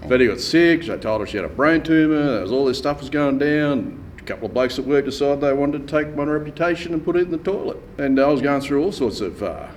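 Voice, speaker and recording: A man's voice: fairly high pitch, expressive, fast, few pauses, distant mic, slight background noise. A middle-aged man tells his faith story in a wry, laconic way and acts out the people he quotes. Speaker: church member giving testimony. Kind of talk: storytelling testimony. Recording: room ambience, voice a bit off-mic.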